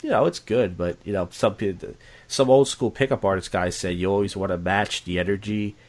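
A man's voice: fairly low pitch, brisk. A man talking candidly in casual conversation, rambling and repeating himself, blunt and profane.

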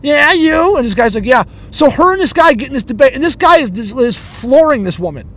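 A man's voice: very high-pitched, very animated, fast, fairly bright tone. A man who does stand-up comedy, telling a story as an angry, profanity-heavy rant that stumbles and repeats itself. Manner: angry, profanity-laden, stammering.

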